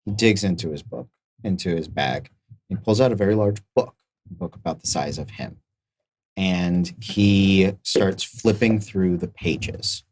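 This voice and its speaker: A man's voice: low voice, a little slow, darkish tone, breathy edge. A man narrating as game master of a live-streamed tabletop game, rambling loosely with many fillers.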